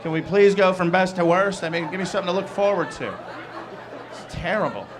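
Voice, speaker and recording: Man doing stand-up, incredulous and animated. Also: high voice, a crowd in the background, background noise. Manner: conversational, incredulous, acts out dialogue in quick bursts. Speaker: stand-up comedian. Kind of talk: stand-up comedy set. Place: comedy club stage.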